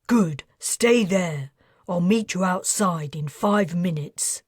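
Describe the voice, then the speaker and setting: Scheming ex-financier read by a woman, guarded and low, audiobook. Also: slow, slightly rough, dry recording, clean studio sound. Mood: furtive. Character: scheming male ex-financier, furtive and smug.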